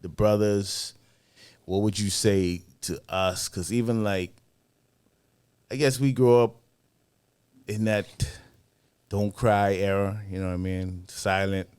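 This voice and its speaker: A man's voice: fairly low pitch, fairly even intonation, slow, long pauses, darkish tone, clear, resonant tone, no echo. A man in a casual discussion, asking a question in a searching way, often adding "you know what I mean".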